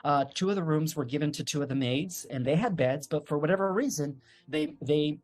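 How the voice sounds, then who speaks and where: A man's voice: fairly high pitch, brisk, a little mellow, faint music behind. Rambling man telling a family story. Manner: rambling, many fillers and restarts. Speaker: interview guest. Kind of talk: casual storytelling.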